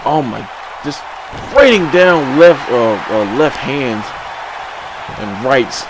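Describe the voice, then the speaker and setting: A man giving excited play-by-play commentary on a video game wrestling match, swinging from low mutters to sudden shouts. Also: takes it slowly. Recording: crowd and game noise behind.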